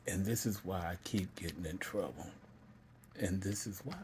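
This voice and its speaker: A middle-aged man earnestly telling his own story in a vlog, halting and repeating himself as he pauses to collect himself. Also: low voice, a little mellow, a little hiss or hum. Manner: earnest and emotional. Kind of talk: personal confessional storytelling.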